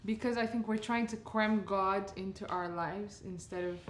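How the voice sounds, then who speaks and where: Brief: woman from portugal, relaxed talk, echoey kitchen with faint sizzle. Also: mid-range voice, normal speed, a little hiss or hum. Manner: relaxed, reflective, laughs often. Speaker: guest singer. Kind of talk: casual chat while cooking. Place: home kitchen.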